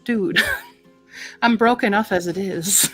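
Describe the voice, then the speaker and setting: A woman's voice: mid-range voice, huge pitch swings, takes it slowly, a bit bright, husky, faint music behind. A stuffy-nosed woman hosting a book video, reading blurbs and chatting casually, joking and swearing freely.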